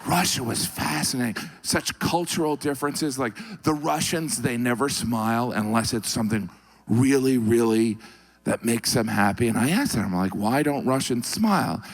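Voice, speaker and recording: A middle-aged man doing a deadpan stand-up routine on stage. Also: medium pitch, moderate pace. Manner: deadpan, puts on mock Russian voices in quotes. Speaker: stand-up comedian. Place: comedy stage before a live audience.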